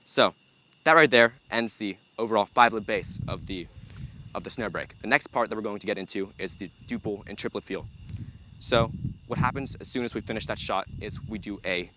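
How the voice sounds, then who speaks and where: A man's voice: fairly low pitch, a little fast. A young man, a center snare drummer, walking through a drum break step by step with frequent ums. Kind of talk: instructional walkthrough. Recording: loud background noise.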